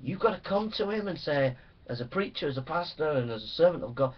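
A man's voice: on the high side, expressive, quick pace. A man preaching a sermon to pastors, reading scripture and urging them on with fervent, rising exhortation. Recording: dull lo-fi recording.

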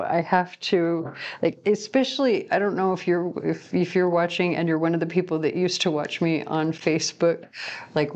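A woman reads tarot cards to her viewers in a loose, talkative way, wandering off on tangents and laughing at her own jokes. Her voice sits a little on the low side. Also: a little mellow. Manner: chatty and rambling, laughs often at herself. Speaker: tarot reader. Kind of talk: casual tarot reading to camera.

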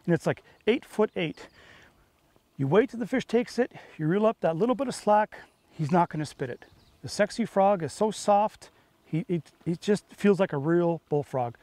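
A man hosting a fishing show from a boat on a lake, talking in punchy, excitable, salesy bursts. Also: sits high, normal speed, no room sound. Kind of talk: on-the-water fishing commentary.

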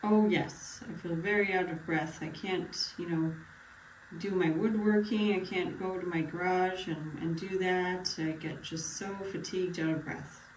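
In a mock doctor-patient role-play, a woman plays a retired older man with a bad cough, giving short, plain answers in a tired mood. Her voice is on the low side, steady and unhurried, lightly acted, with slight background noise. The recording sounds echoey, as if she's far from the mic, with faint ambience.

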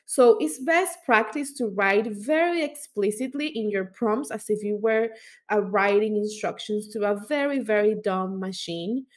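A language instructor speaks at medium pitch and a measured pace, explaining things step by step. She uses fillers and makes small self-corrections along the way.

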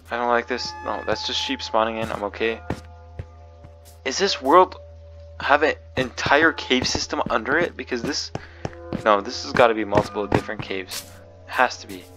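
Nervous male gamer, mid-pitched, jumpy, repeats himself, faint music underneath. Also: bright, forceful tone. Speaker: gaming video creator. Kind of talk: horror game commentary.

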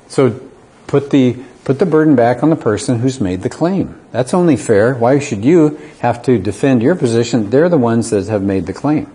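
Before a live audience, a middle-aged man who teaches at a community college gives a sincere lecture at normal speed. His voice is medium-pitched, mellow, and animated, and he asks rhetorical questions while acting out brief two-sided exchanges.

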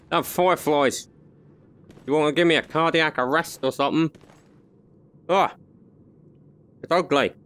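A man's voice: a little high, slow pace, long pauses, fairly bright tone, a little hiss or hum. A young man in a let's-play video, joking and yelping at scares as he narrates the game. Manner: jokey, yelps and laughs at scares. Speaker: gaming YouTuber. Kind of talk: excited let's-play commentary.

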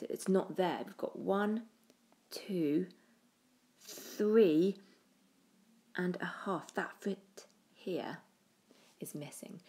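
A woman giving a poetry analysis lesson, thoughtful, with pauses and restarts, often trailing off quietly. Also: fairly low pitch. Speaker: teacher.

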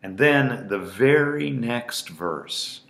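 A male pastor preaching a sermon in a deliberate, emphatic way, repeating phrases for weight. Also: medium pitch, expressive, creaky, fairly bright tone. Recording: roomy echo.

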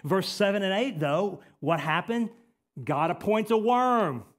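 Man, pastor, church sermon, impassioned, loud then hushed, fairly high voice. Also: expressive, unhurried. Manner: impassioned preaching, swinging from loud emphatic to quiet intimate. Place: church sanctuary.

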